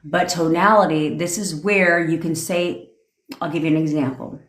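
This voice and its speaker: A woman with a low voice gives a blunt, profane rant about manifestation, talking in a loose conversational way. She acts out different tones of voice in her examples, and the sound carries an echo from the room. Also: steady tone, moderate pace. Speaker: manifestation coach. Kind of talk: livestream rant.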